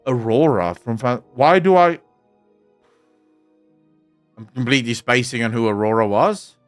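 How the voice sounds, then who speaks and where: A man's voice: medium pitch, unhurried, faint music behind. A man from South Africa whose first language is Afrikaans, speaking English with an Afrikaans accent, chatting casually and profanely while answering viewers' comments on a live stream.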